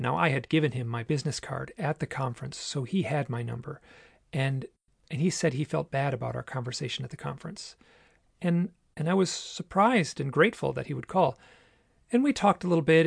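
Male podcast host, solo storytelling, earnest and measured, gravelly voice, close dry mic. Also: fairly high pitch, dry recording. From United States.

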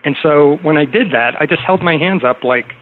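A man's voice: a little high, normal speed. A middle-aged man telling a story in casual conversation, rambling with many fillers and restarts. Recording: tinny phone-like line with faint noise.

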